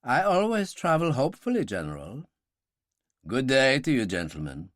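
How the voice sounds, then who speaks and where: A suave, menacing baron with a deep, pleasant voice and a faint German accent, put on by a male audiobook reader. The lines move lively up and down, cool and courteous. The recording is dry and close. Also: moderate pace, no room sound. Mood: smooth menace.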